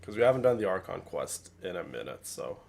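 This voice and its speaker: A man's voice: low voice, very animated, fairly quick, gravelly, darkish tone, a little hiss or hum. A congested, sick man chatting casually to his viewers while playing a game, with a nasal voice and a rambling manner. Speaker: gaming streamer. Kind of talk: casual let's play commentary.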